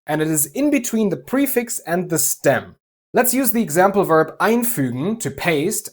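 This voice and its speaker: Male language teacher with a German accent, methodical and clear, dry light humor. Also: on the high side. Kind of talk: scripted explanatory lesson.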